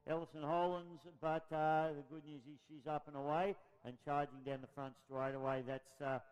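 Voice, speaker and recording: Smooth-voiced man calling a race. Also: fairly high pitch, normal speed, highs cut off. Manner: energetic play-by-play calls. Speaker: race commentator. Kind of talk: live race commentary.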